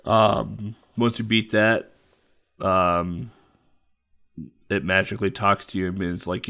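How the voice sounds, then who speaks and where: A man with a lowish voice co-hosts a podcast, talking loosely through a game's bosses. He rambles, stops and restarts, and fills gaps with ums. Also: level tone, takes it slowly, creaky, long pauses, bright, forceful tone. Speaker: podcast co-host. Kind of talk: casual chat.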